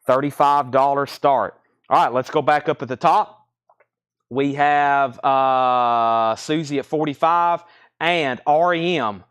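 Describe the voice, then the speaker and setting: A man hosting a live record sale, rattling off titles and prices in brisk auctioneer patter, a bit out of breath. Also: mid-range voice, fairly bright tone, smooth.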